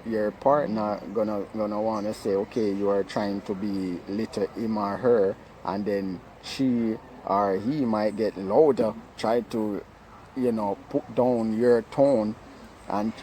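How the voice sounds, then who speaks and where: A man's voice: on the low side, mellow, slight background noise, rough recording. A man giving informal advice on marriage, talking earnestly and repeating himself, often checking in with "right?". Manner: earnest, repetitive, keeps asking "right?". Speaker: relationship speaker.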